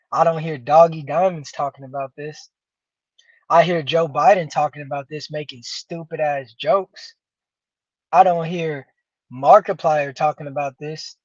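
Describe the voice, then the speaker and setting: A man's voice: on the high side, a little mellow, dry recording. A man hosting a show, delivering a profane, preachy rant and addressing listeners as "homie". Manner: preachy, repeats "homie" and "nigga", builds rhetorically. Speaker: show host. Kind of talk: profane ranting commentary. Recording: dull lo-fi dry sound.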